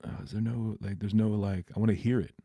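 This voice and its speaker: Mellow-voiced man hosting a live stream. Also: lowish voice, little pitch movement, brisk, creaky, no echo. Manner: laughs often, greets and answers chat. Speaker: crypto live-stream host. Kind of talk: casual live-stream chat.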